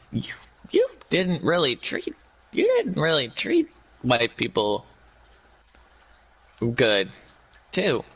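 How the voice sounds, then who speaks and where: A man speaking to his viewers in a rambling monologue, ranting in a halting way with many restarts. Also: on the high side, bright, forceful tone, poor audio.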